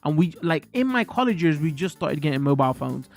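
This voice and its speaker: A man's voice: a little high, very animated, a little fast, soft background music. Rambling streamer man. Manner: rambling, slangy, full of "bro" and fillers. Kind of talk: casual chat to stream viewers.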